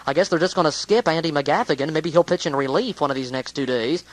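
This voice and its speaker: A man's voice: fairly high pitch, fast talker, no echo, rough recording. A man giving a casual, rambling spoken recap of a baseball game, with many hesitations.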